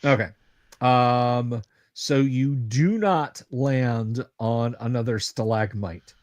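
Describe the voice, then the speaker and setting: A man runs a tabletop fantasy game as dungeon master on a home livestream, his narration halting and full of restarts and fillers. The voice is mid-range and a little mellow, with no room sound.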